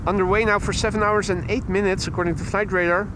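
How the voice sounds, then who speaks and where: A Dutch man hosting a live plane-spotting stream outdoors beside an airport runway, giving steady, informative commentary on arriving flights. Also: high-pitched, fast, noisy background. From Netherlands. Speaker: plane-spotting livestream host.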